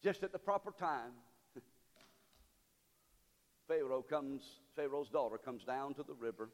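A man preaching a sermon as pastor. He moves from loud cries to hushed pleading. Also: mid-range voice, a little slow, long pauses, big-room sound. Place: church sanctuary.

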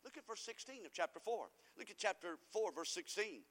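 A man preaching a sermon in a church, fervent, swinging from quiet asides to loud cries. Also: sits high, lively intonation, brisk. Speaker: pastor. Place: church sanctuary. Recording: long hall reverb.

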